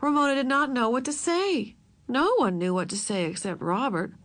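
A woman reading a children's novel aloud, measured and expressive. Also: sits high. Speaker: narrator.

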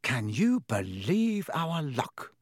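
A man's voice: extremely high pitch, huge pitch swings, takes it slowly, dry recording, clean studio sound, voice pushed up, exaggerated voice. A man reading aloud and voicing a frightened teenage boy who speaks in a shaky, strained voice. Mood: miserable.

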